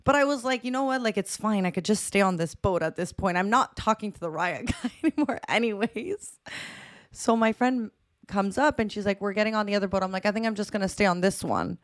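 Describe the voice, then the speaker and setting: A woman's voice: mid-range voice, fairly quick. A young woman co-hosting a podcast, telling a story in casual chat and acting out the quoted voices, often laughing. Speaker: podcast co-host.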